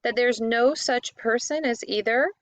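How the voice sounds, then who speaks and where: A woman's voice: on the high side, a little slow, dry recording, muffled recording, voice pushed up, lightly acted. A woman voicing a sly male talking cat with a silky, purring voice in a storybook reading. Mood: scheming.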